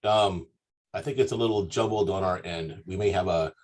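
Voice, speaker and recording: A man moderating a live webinar over a video call, brisk and polite as he steps in to pause the talk. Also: low voice.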